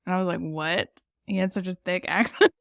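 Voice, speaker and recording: Her voice is on the low side, gravelly and a bit bright, and she speaks briskly in a studio recording with no echo. She's a podcast co-host who has lived in San Antonio, Texas, chatting casually, laughing a lot and leaning on fillers.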